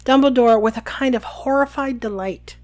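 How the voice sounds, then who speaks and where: A woman's voice: fairly high pitch, normal speed, darkish tone. A woman co-hosting a casual podcast, reading a book aloud and laughing off her slips. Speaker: podcast co-host.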